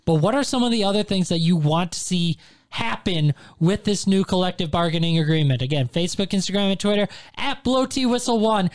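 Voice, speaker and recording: A man's voice: high voice, fairly quick. A man hosting a casual sports talk show, steering the segment and plugging social media handles in an upbeat way. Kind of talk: casual sports radio chat.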